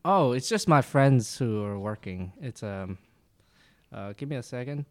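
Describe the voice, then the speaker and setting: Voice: medium pitch, animated, measured pace, darkish tone. A speaker in a casual podcast chat, reacting dramatically and animatedly.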